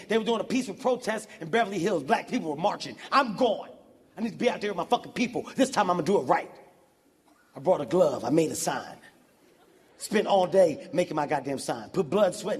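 A man performing a stand-up comedy set on a big stage, telling stories in an animated, profane way and bursting into shouts. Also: sits high, brisk, husky. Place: large live venue on stage. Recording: reverberant hall with constant background noise.

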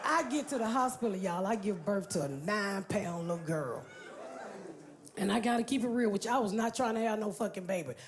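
A woman's voice: mid-range voice, animated, brisk, noisy background. A woman stand-up comedian telling a story on stage in a brash, profane way, talking straight to the crowd. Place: comedy stage before an audience.

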